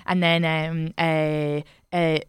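An Irish woman hosting a podcast, telling stories in quick casual chat, full of "like". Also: deep voice, level tone, smooth, dry recording, studio quality. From Ireland. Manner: rapid chatty storytelling, frequent "like". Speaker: podcast host.

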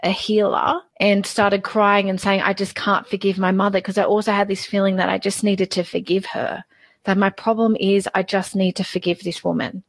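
A woman in her forties, a guest in a personal interview, speaking haltingly and repeating words as she opens up. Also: medium pitch, flat delivery, no room sound. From Australia.

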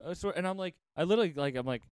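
A man's voice: fairly high pitch, very fast, clear, resonant tone, no room sound, studio quality. A man hosting a casual podcast chat, teasing his guest and laughing a lot. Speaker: podcast host.

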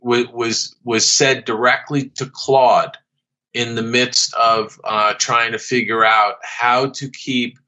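A man, a guest on an interview podcast, telling stories from his career in a halting way, with many fillers and restarts. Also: medium pitch, flat delivery, sharp tone. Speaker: guest, former studio artist. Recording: dull lo-fi audio.

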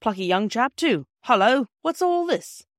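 A brisk, hearty country doctor, pleased with himself and quick to turn stern, as a woman reads him aloud. His lines come out fairly loud and a touch high, in a dry, close sound. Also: very animated, no room sound.

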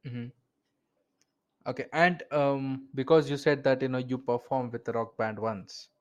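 A man's voice: medium pitch, steady tone, a little slow. A man with an Indian English accent hosting a casual podcast interview, chatty and full of "you know" fillers. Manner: chatty, frequent "you know" fillers, laughs between points. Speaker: podcast host.

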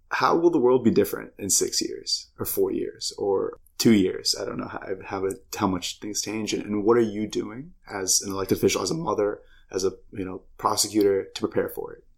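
Deep-voiced male interviewer. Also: moderate pace, gravelly, slightly rough. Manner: conversational, rambling questions.

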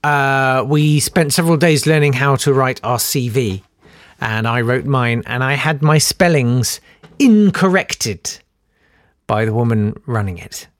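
A man's voice: mid-range voice, unhurried, dry recording. Dry, self-mocking posh English man. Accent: posh southern English. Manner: dry, self-deprecating, hesitant with fillers. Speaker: comedian. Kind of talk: rambling anecdotal monologue.

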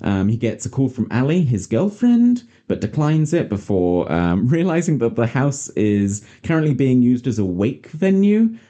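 A woman's voice: extremely low pitch, very animated, normal speed, few pauses, dark tone, dull audio. A British woman hosting a podcast, chatting casually as she recaps a film's plot with lots of fillers. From Britain. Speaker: podcast host. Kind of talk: casual movie-review chat.

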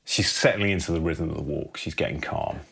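A man casually pitching a film idea on a podcast, in a laid-back style that keeps tacking on "man". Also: fairly quick, creaky, fairly bright tone, husky.

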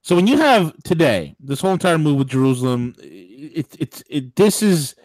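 A man hosting a political talk radio show, ranting in an animated way, with mock voices and laughter. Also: fairly high pitch, moderate pace, no room sound.

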